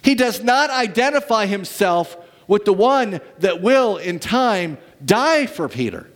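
A man's voice: sits high, big pitch swings, measured pace. A man preaching a sermon, acting out the quoted voices from the story as he retells it. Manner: acts out the quoted voices in scripture; restarts words, with ums and uhs.

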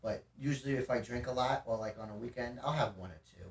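A man guesting on a casual podcast, telling stories in a lively, profane way, laughing through them. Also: medium pitch, fast, recorded from a distance. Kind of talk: casual chat, storytelling. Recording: echoey room, a bit away from the mic.

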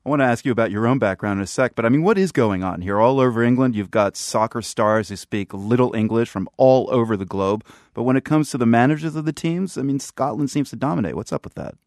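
A man's voice: mid-range voice, fast, hardly any pauses, a little mellow, dry recording, clean studio sound. A man hosting a radio interview, asking questions in a curious, playful manner. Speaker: radio podcast host.

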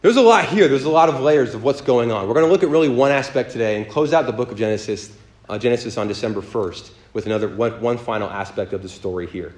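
A man leading a sermon as pastor, reading scripture aloud slowly and then preaching in a lively, joking way. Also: mid-range voice.

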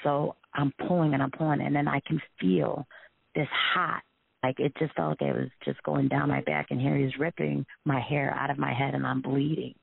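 Gravelly man on a tinny phone line. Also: mid-range voice, animated, no room sound. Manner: halting, shaken retelling with many restarts. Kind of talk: emotional personal testimony.

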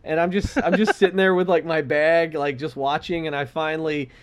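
Animated man telling a story. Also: on the high side, brisk, a little hiss or hum. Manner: animated storyteller, acts out characters' lines. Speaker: podcast co-host. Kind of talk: casual storytelling chat.

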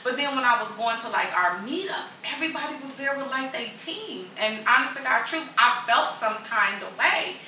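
A woman chatting casually, telling an animated story full of acted-out quotes and slang. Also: on the high side, normal speed, few pauses, slight background noise. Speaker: guest telling a friendship story. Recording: echoey room, far from the mic.

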